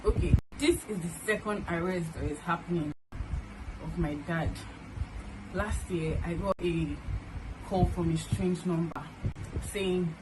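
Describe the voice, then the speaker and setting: Earnest young Nigerian woman, noisy room. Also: on the low side. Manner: halting and earnest, with many restarts. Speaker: vlogger telling a family story. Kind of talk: personal storytelling to camera.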